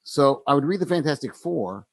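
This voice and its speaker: A man's voice: a little high, lively intonation, normal speed, no echo. A man co-hosting a casual podcast, talking reflectively with many fillers and restarts. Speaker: podcast co-host.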